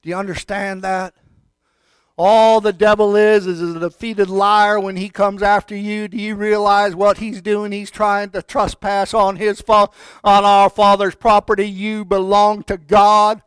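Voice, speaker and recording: A man preaching a sermon with fervor, swinging from quiet talk up to shouted declarations. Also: high-pitched, level tone, unhurried, clean tone, no room sound. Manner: fervent, rising to shouted declarations.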